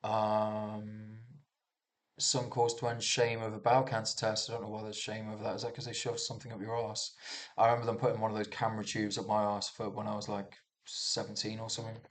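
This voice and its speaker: A young man reviewing the news on his vlog rambles through the headlines in a lowish, monotone voice at a fairly quick pace, with slight background noise. He often restarts, swears, and muses aloud.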